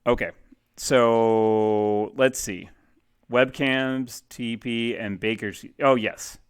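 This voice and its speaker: A man's voice: mid-range voice, fairly even intonation, drawn-out words, smooth. A man chatting casually on a livestream, rambling and self-deprecating with lots of fillers, testing his webcam mic. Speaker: game cafe streamer. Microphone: webcam mic, testing placement.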